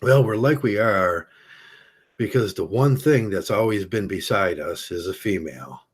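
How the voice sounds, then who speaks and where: Husky guy ranting on his vlog, low voice, lots of restarts and uhs. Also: lively intonation. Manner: halting, many restarts and fillers. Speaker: vlogger. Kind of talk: rambling opinion monologue.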